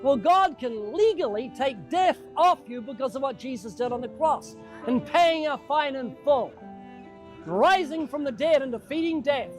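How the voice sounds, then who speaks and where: A man's voice: very high voice, animated, normal speed, faint music behind. A man preaching one-on-one to a stranger in an earnest, urgent way, often calling him by name. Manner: addresses the listener by name. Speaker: street evangelist.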